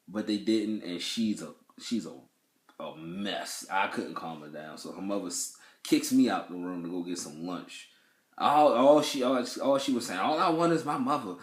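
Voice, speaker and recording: Young man, low voice, casual storytelling, animated, swears freely, roomy echo. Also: moderate pace. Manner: animated, swears freely, acts out people's lines in raised voices. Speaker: father telling how his first child was born.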